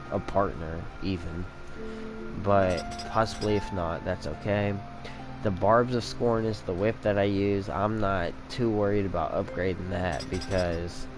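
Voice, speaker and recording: Slow-talking man with the hiccups. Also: fairly low pitch. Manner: rambling and thinking aloud, with restarts. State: has the hiccups. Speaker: gamer commentating his own play. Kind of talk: casual gameplay commentary. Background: game music.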